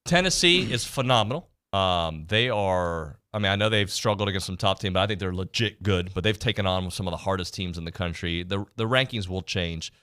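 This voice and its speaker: A man with a low-pitched voice hosting sports talk radio from a studio. He jokes and teases his co-hosts in loose, casual banter. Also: a little fast, hardly any pauses, sharp tone, smooth. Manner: joking, teasing co-hosts.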